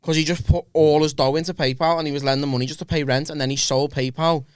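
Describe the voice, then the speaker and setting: A man's voice: a little high, steady tone, fast, smooth, no echo, studio quality. A man co-hosting a casual podcast chat, swearing and using slang. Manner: swears a lot, uses English slang. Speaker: podcast co-host.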